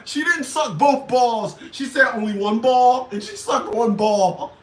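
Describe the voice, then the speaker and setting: A man hosting a livestream, ranting crudely with loud laughs and shouted outbursts. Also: very high-pitched, measured pace, few pauses, slight background noise. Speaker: livestream show host. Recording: echoey room, far from the mic.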